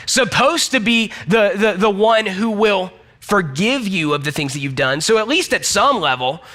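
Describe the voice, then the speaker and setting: This young man from Georgia in the US speaks in a high, pushed, bright voice. He's a pastor delivering a chatty, conversational sermon, self-deprecating and addressing his listeners directly.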